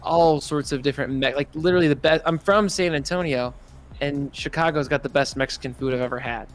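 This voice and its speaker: A man's voice: on the high side, a little fast, soft background music. A man co-hosting a live call-in show, telling long, easygoing anecdotes with the odd laugh. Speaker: co-host.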